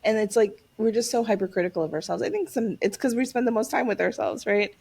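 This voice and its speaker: A woman's voice: mid-range voice, quick pace, vocal fry, slightly rough. A woman guest on a podcast, chatting casually and animatedly acting out the voices in her stories. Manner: animated storyteller, acts out quoted voices. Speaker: guest author.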